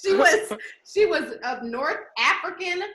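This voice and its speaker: A woman hosting a podcast over a video call, chatting casually, animated and laughing, often restarting her sentences. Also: very high voice, measured pace, echoey room, over a noisy crowd. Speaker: podcast host.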